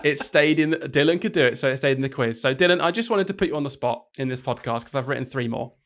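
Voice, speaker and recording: A man's voice: mid-range voice, fast, a bit bright. A young man hosting a casual podcast chat, teasing his co-host and laughing often.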